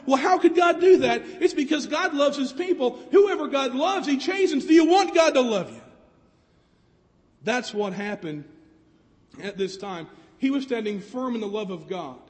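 Earnest preacher guy, really high voice, sermon with a lot of rhetorical questions, long echo like a big hall. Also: expressive, normal speed, a little mellow. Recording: long reverb of a large hall.

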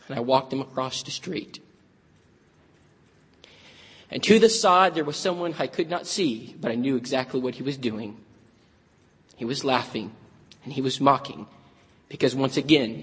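A man's voice: medium pitch, husky, big-room sound. A man preaching a sermon, moving from folksy humor into earnest, dramatic storytelling.

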